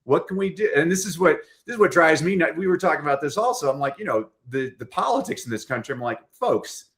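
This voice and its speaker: A man's voice: a little high, quick pace. A middle-aged man, a storytelling coach, talking as a guest on a podcast and acting out quoted lines in different voices. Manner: animated, acts out quotes in voices. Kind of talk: lively podcast conversation.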